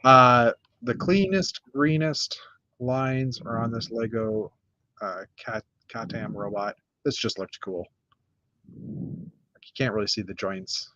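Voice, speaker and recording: A man's voice: medium pitch, slow, sharp tone, dry recording, lo-fi sound. Rambling man hosting a casual chat. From North America. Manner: rambling, lots of uh and restarts, shows builds one by one. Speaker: podcast host.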